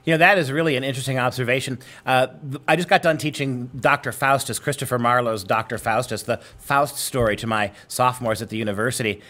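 Animated professor man. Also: medium pitch, fast talker. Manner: animated storyteller who acts out quotes. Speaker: university literature professor. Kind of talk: conversational lecture.

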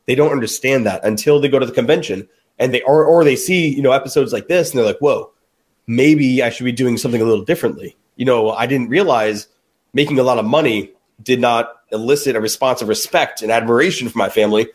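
A man's voice: medium pitch, fast. A man on a panel discussion, energetically telling stories about fathers and acting out their quotes. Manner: energetic, tells stories of dads with acted-out quotes.

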